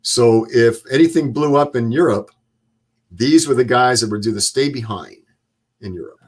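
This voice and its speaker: A man in his seventies, a guest, telling stories in a plain-spoken, measured way. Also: medium pitch. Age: 70s. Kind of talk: storytelling interview.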